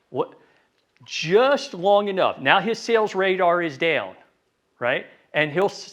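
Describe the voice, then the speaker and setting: A man giving a live sales training talk to a room, lively and conversational, acting out phone calls in quick voices. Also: high voice. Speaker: real estate sales trainer. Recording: dull lo-fi sound.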